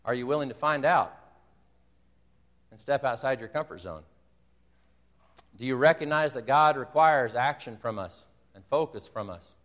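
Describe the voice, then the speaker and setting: A man's voice: medium pitch, a bit bright, long reverb tail. A man preaching a sermon, earnestly retelling a movie scene and quoting its dialogue. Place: church sanctuary.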